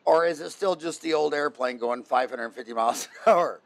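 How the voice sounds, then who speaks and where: A man hosting a podcast who asks casual interview questions in rapid-fire runs and teases his guest playfully. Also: on the high side, gravelly. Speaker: podcast host.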